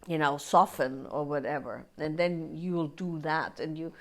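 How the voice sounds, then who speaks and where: Low-voiced woman teaching a workshop. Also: normal speed. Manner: conversational, keeps asking "right?"; acts out inner voices in quoted asides. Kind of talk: live workshop talk.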